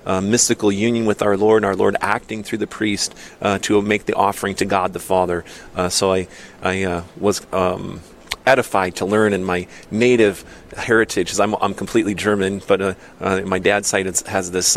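A man's voice: fairly low pitch, creaky, a little hiss or hum. A priest from northern Iowa talking earnestly on a radio show in a studio, often repeating his words. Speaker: priest guest. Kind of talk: conversational radio talk.

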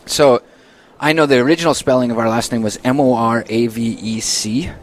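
A man's voice: medium pitch, fairly quick, slight background noise. A man from Minnesota who is a priest, hosting a casual radio chat in a studio, friendly and speaking with frequent ums. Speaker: radio show host and priest.

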